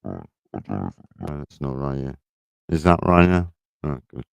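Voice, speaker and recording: Deep-voiced swearing man. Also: very animated, normal speed, creaky, no room sound. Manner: rambling storytelling, heavy swearing. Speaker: livestream host. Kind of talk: casual livestream chat. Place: garden shed.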